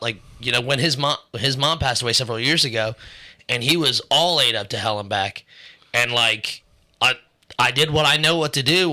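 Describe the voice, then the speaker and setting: A man's voice: medium pitch, bright, forceful tone. A man co-hosting a casual podcast, telling stories in a rambling way with lots of fillers and swearing. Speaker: podcast co-host.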